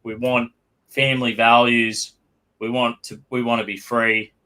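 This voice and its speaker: A man's voice: medium pitch, level tone, measured pace, sharp tone. An Australian man hosting a casual podcast, blunt, profane and emphatic. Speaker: podcast host.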